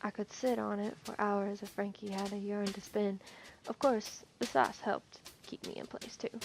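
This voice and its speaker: A woman's voice: mid-range voice, flat delivery, normal speed, vocal fry, noisy background. A young woman hosting a gaming video, reading a story game's text aloud, stumbling over words and correcting herself. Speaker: gaming channel host. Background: background music.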